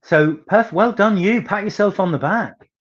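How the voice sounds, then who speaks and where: In a muffled recording, a singer from northeast England talks in an interview, his soft accent carrying anecdotal, chatty stories punctuated by theatrical emphasis. His voice sits high and moves at a normal speed.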